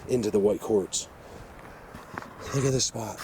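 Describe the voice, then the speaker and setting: A man hosting an outdoor vlog, rambling excitedly with many fillers as he walks through a mountain forest. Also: lowish voice, measured pace, background noise. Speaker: vlog host exploring the outdoors. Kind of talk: casual walking vlog commentary.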